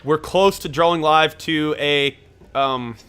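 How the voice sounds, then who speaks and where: A man commentating his own card game match as he plays, thinking aloud, getting excited and swearing when frustrated. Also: fairly high pitch, takes it slowly, clean tone. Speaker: gameplay commentator. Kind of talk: live gameplay commentary.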